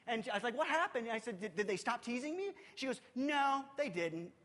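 A man preaching in a church hall with a high, lively voice that leaps up and down. His delivery is animated and urgent, then sinks to a hush, and long reverb hangs behind every phrase. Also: fairly quick. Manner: animated preaching, swinging from loud urgency to hushed intimacy. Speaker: youth pastor. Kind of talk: sermon.

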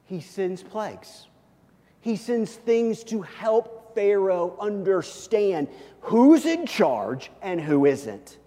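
A man preaching a sermon as a pastor, telling the story animatedly and swinging between loud and hushed. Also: sits high, very animated, slow, long reverb tail.

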